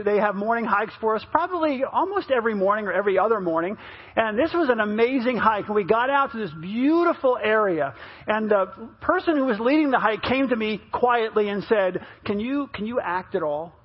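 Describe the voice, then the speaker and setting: Male pastor, very high husky voice, rambling storyteller in the pulpit, muffled recording. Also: animated, normal speed. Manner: chatty storytelling with many restarts, rising and louder at the punchlines. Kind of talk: sermon with storytelling.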